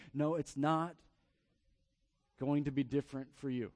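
A man in his thirties, a pastor preaching a sermon through a family story, often repeating words in quick bursts. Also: on the high side, warm tone, no echo.

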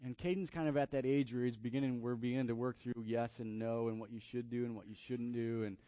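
A man in his thirties, a pastor preaching a sermon through a family story, often repeating words in quick bursts. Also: mid-range voice, fairly even intonation, warm tone, dry recording.

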